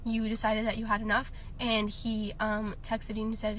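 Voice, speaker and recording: A young woman telling a casual storytime, animated and swearing, acting out what people said. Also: medium pitch, a little fast, hardly any pauses, slight background noise. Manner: animated, mimics people, swears, many fillers.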